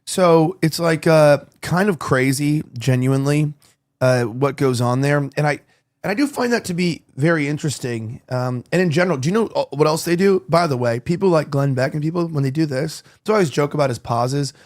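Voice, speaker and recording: A man hosting a loose talk show, rambling through his points with plenty of restarts and casual swearing. His voice sits a little high for a man. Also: brisk. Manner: rambling, heavy on "like" and restarts, profane. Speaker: podcast host.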